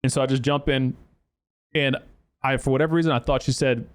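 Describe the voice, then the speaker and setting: Male podcast host, swears freely, rambling animated storytelling. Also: medium pitch, brisk, clear, resonant tone. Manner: profane, animated storytelling with acted quotes; lots of fillers and restarts. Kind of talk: casual storytelling.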